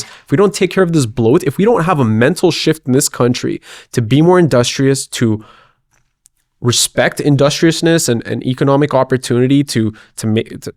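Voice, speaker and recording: A man's voice: medium pitch, no echo, studio quality. A young man, a podcast guest, speaking in an earnest, hopeful and persuasive way. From Canada. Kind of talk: casual political podcast chat.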